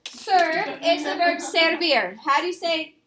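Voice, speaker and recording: A woman's voice: very high voice, animated, unhurried, a crowd in the background. A woman teaching a Spanish grammar lesson in a classroom, quizzing her students and repeating their answers back. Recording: echoey classroom with faint noise.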